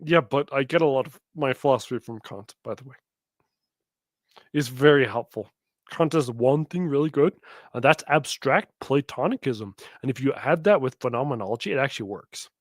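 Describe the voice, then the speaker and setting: A man hosts a podcast and mocks the clips he plays with quick sarcastic asides. His pitch jumps around a lot. The sound is dry and close. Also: animated, no room sound. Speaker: podcast host. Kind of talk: sarcastic commentary on played clips.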